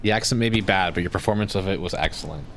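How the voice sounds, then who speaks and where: A man's voice: low-pitched, racing, creaky, fairly bright tone, a little hiss or hum. A man joining a game stream, chatting casually with a dry, teasing humor. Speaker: co-player on stream. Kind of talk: casual chat.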